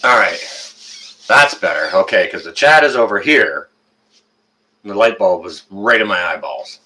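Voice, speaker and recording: A man's voice: deep voice, expressive, moderate pace, pushed and bright, rough recording. A man hosting a live stream, chatting casually, rambling with many fillers and greeting viewers by name.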